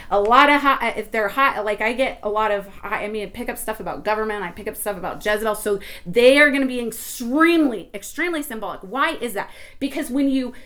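A woman giving an informal devotional talk, rambling with many restarts and swinging between hushed and excited tones. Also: fairly high pitch. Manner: rambling, emotional, with frequent restarts. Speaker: Christian teacher.

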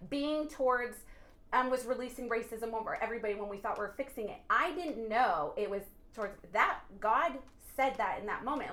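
High-voiced woman sharing an excited testimony. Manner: animated, bursts into laughter and exclamations; earnest, preachy. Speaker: podcast guest. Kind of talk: excited faith testimony chat.

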